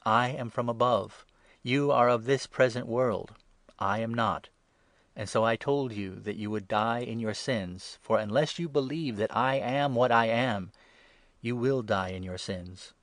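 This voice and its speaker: A man reading the words of Jesus as a solemn male teacher in a measured way, louder and higher on key phrases. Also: no echo. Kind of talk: scripture reading.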